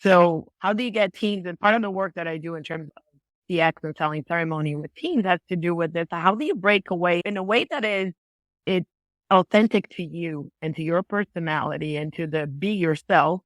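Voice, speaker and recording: A woman speaking as a podcast guest, explaining her points emphatically in quick bursts. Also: fairly low pitch, animated, dry recording. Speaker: podcast guest, business advisor. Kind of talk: conversational interview.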